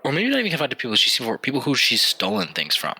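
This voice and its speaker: A young man co-hosting a comedy podcast, casual and teasing with quick joking asides. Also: medium pitch, wildly swooping pitch, sharp tone, breathy edge. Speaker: podcast co-host.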